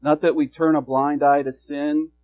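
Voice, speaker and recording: A man preaching a sermon, earnest and urging. His voice sits a little higher than most men's, and he keeps turning to the congregation with questions. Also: flat delivery, normal speed, darkish tone, poor audio. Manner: earnest, exhorting, rhetorical questions. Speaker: pastor.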